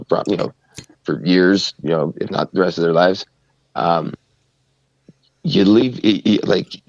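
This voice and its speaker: Deep gravelly rambling man. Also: no echo, highs cut off. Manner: rambling, many fillers and "you know"s. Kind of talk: casual podcast chat.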